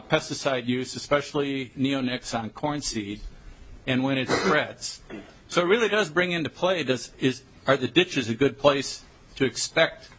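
A man giving public testimony at a committee hearing, earnest and halting. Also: medium pitch, fairly bright tone, a little hiss or hum, rough recording.

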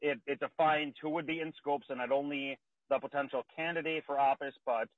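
A man, a state legislator, presenting a bill over a phone call from outdoors, out of breath and talking haltingly with many fillers and restarts. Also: on the high side, steady tone, no room sound. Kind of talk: remote committee testimony. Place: outdoors near a car. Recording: tinny dry phone line.

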